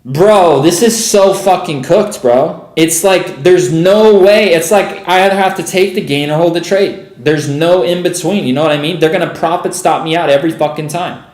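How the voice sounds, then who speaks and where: A young man with a fairly high voice rants through live trading commentary, swearing constantly and tacking "bro" onto every line. He sounds exasperated and profane, and his voice rings around an echoey room. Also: moderate pace, few pauses, a little mellow. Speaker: day trader streaming live.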